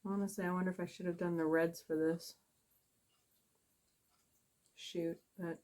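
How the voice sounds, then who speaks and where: With a fairly low pitch and a flat, slightly mellow delivery, a middle-aged woman talks casually through a makeup tutorial, a little slowly and with long pauses. The vlogger curses freely, speaks bluntly, and makes fun of herself.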